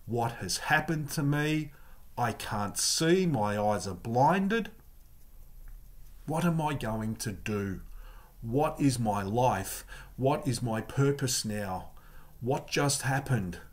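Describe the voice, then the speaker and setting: A man preaching voices Saul of Tarsus, a shaken man who has just been blinded, asking slow, halting questions in fear and bewilderment. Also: mid-range voice, animated. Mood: bewildered.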